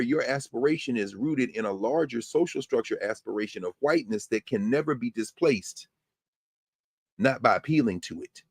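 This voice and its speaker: A man's voice: mid-range voice, dry recording, studio quality. A man hosting a lecture podcast, reading passages aloud and breaking off into emphatic commentary. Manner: animated, emphatic asides between quoted passages.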